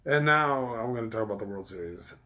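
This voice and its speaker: A man's voice: mid-range voice, expressive, fairly quick, bright, forceful tone. A man talks casually to his viewers. He rambles in a loose way and swears often. He keeps breaking off and restarting his sentences. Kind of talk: casual chat.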